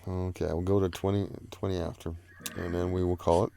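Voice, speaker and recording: Laid-back lower-voiced man hosting. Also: little pitch movement, a little fast, creaky, mellow, slight background noise. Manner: laid-back, rambling with fillers and laughs. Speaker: livestream host. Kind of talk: casual live panel chat.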